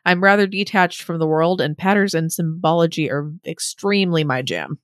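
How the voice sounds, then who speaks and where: A young adult woman co-hosting a podcast, reading listener submissions with relaxed, rambling asides and frequent laughs. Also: lowish voice, normal speed, dry recording, studio quality. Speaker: podcast co-host.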